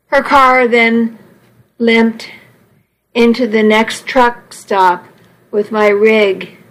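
A woman reading a first-person audiobook in a measured, expressive way. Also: medium pitch, rough recording. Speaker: audiobook narrator.

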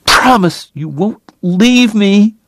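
Guy doing a crying woman pleading, higher voice, dry close sound. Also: fairly even intonation, slow, creaky, mellow, dry recording, full character voice. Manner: pleading, tearful, mixes French. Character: weeping woman pleading with a dying lover.

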